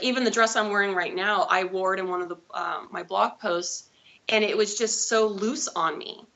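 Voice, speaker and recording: A woman's voice: mid-range voice, pushed and bright. A woman in her thirties, a guest telling her own story in a live interview, chatty and rambling with self-corrections. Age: 30s. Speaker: guest, diabetes advocate. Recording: dull lo-fi audio.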